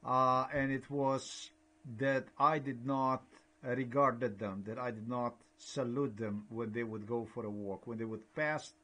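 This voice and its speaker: A man slowly recounting a conversation with a neighbor, halting and repeating himself as he goes. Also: mid-range voice, steady tone, a bit bright. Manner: repetitive, halting retelling with many restarts.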